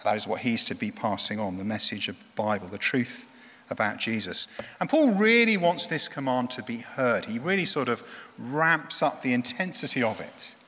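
A man's voice: mid-range voice, sharp tone. A man preaching a sermon in an earnest, emphatic way, now and then restarting a phrase. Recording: echoey hall with long reverb.

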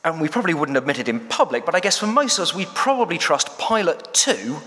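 A man's voice: on the high side, sing-song, fast, bright, forceful tone. A man preaching a sermon in a church, chatty and hesitant with many fillers. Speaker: church staff member preaching. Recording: echoey church hall.

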